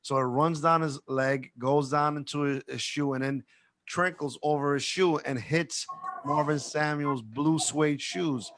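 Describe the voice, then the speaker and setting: A man's voice: on the high side, unhurried, a little hiss or hum. A man from the cigar industry telling a rambling story on a video call, full of restarts and asides. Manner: animated, rambling with many restarts. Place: at home.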